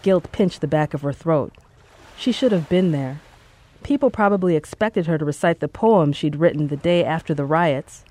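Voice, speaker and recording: An audiobook narrator reading a story in a measured, steady way. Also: mid-range voice. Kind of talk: scripted narration.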